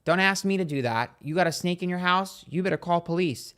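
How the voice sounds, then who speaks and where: A man hosting a psychic livestream, telling stories in a sassy, dramatic, profane way, speaking quietly on a train. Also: high-pitched, a little fast. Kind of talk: casual livestream chat.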